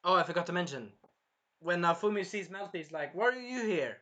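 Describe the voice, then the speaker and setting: A man recapping and reviewing an anime episode in a rambling, self-correcting way, with a sore throat that he keeps clearing, acting out the characters' lines. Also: high voice, expressive, a little fast, fairly bright tone. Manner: rambling, jumps around and corrects himself, acts out characters' lines.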